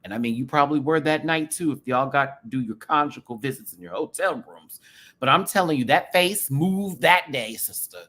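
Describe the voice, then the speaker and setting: A man hosting his own review channel talks straight to camera in a sassy, animated style, full of drag slang. His voice is bright and forceful, and sits at a middle pitch. He swings from loud bursts to hushed asides. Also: moderate pace. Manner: drag slang, calls viewers sister and baby. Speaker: drag race show reviewer, channel host. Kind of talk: casual commentary to camera.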